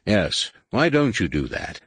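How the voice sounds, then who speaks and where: Audiobook: male reader as a stern alien admiral, dry and measured, deep husky tone. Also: sing-song, a bit bright, dry recording, exaggerated voice.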